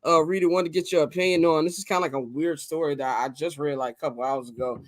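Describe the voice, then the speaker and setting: A man from Chicago hosting a sports podcast, relaxed and conversational as he brings in guests and stories. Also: on the high side, fast, no room sound, studio quality. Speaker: podcast host. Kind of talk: casual hosting.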